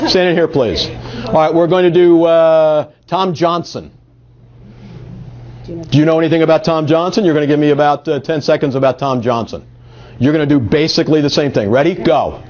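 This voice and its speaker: Speaking slightly fast in a somewhat high voice, a marketing presenter leads a live workshop in a meetup's meeting room, eagerly coaxing volunteers from the crowd. Crowd noise is audible and the recording is dull and lo-fi.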